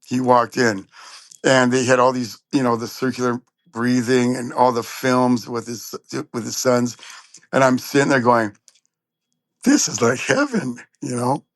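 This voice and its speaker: A man's voice: medium pitch, normal speed, no echo. A man from Southern California telling stories as a trumpet player guest in an interview, acting out what people said. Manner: animated storyteller, acts out quotes. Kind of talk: storytelling interview.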